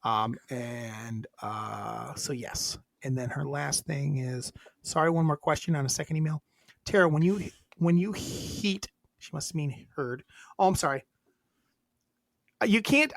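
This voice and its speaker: A woman's voice: sits low, moderate pace, gravelly, fairly bright tone, dry recording, studio quality. A woman co-hosting a podcast in casual chat, reading out lists and joking around. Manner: chatty, reads lists aloud, laughs and jokes. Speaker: podcast co-host.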